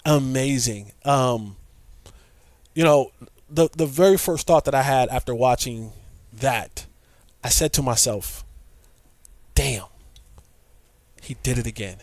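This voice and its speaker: A middle-aged man telling a story with lively energy, acting out quotes and repeating himself as he goes. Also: medium pitch, takes it slowly, pauses often, dry recording. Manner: excitable storyteller, acts out quotes, repeats words. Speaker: podcast guest, former player. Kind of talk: animated storytelling.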